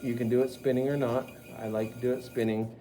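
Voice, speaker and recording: A man's voice: mid-range voice, little pitch movement, brisk, warm tone, a little hiss or hum. A middle-aged man teaching pottery at the wheel, chatty and talking students through each step. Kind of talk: live wheel-throwing demonstration.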